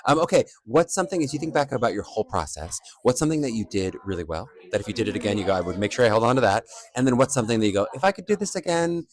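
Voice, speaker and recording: Rapid-fire upbeat male podcast host. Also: medium pitch, big pitch swings. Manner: upbeat, encouraging. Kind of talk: casual interview.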